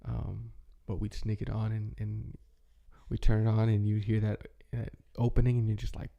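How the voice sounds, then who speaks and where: A man in his thirties hosting a relaxed monologue, rambling with lots of fillers as he reminisces nostalgically. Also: fairly low pitch, moderate pace, gravelly, muffled recording. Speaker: channel host.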